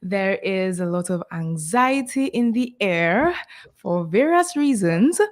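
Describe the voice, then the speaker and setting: A woman's voice: medium pitch, lively intonation, slow. Woman, radio co-host, studio, friendly greetings, frequent fillers. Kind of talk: radio health show hosting.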